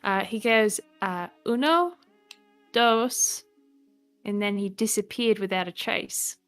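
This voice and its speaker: A woman playing in a tabletop game, telling jokes in a playful, halting way with fillers. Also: medium pitch, fairly even intonation, a bit bright. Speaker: player. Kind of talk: casual chat in a tabletop game. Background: faint background music.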